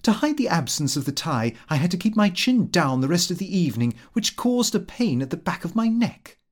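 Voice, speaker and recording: A man reading a comic diary aloud as an audiobook, with expressive, lively delivery. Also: high-pitched, fairly quick. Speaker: audiobook reader. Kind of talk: scripted narration of a comic diary.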